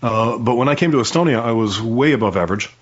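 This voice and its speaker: An American man chats as a guest, loose and joking. His voice sits at an everyday middle pitch. The sound is a bit dull, like a video call. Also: quick pace. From United States. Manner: joking, chatty, playful aside impressions. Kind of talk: casual conversation.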